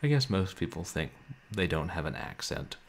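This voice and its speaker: A man streaming a game and chatting with viewers in a laid-back, wry way, with a soft, somnolent voice and frequent chuckles. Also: low voice, sing-song, normal speed, slight background noise. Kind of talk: casual chat with stream viewers. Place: home room, roommates nearby.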